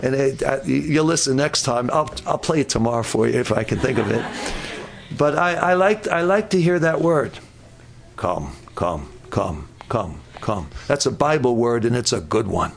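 A man's voice: medium pitch, expressive, fairly quick, gravelly. A man preaching a sermon, telling a Bible story with repeated words and quotes.

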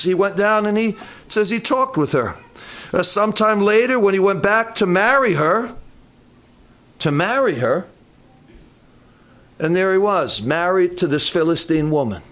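An older male pastor delivers a folksy sermon at a church camp in a fairly high voice. He slips in humorous asides and often stumbles and restarts his phrases. His delivery is homespun and conversational. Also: a bit bright.

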